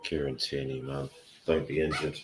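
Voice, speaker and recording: A man's voice: rumbling low, level tone, normal speed, slightly rough. A man co-hosting a football watchalong, grumbling wearily about the team. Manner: weary, grumbling. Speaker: co-host. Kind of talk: casual live watchalong chat.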